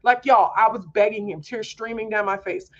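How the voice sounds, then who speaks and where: A woman's voice: a little high, steady tone, moderate pace. Earnest confiding woman, muffled recording. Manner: earnest and confiding, heavy use of fillers like "um" and "like". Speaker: homeschool mom podcast host. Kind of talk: candid personal monologue.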